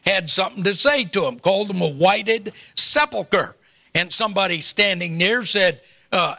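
A man's voice: high voice, pushed and bright. An older man preaching a sermon, telling a folksy family story with humorous asides before turning to scripture. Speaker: pastor.

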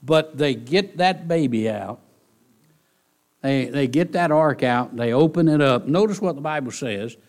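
A man preaching a sermon in church, folksy and animated, often asking the congregation rhetorical questions. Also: mid-range voice, a little slow. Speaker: pastor.

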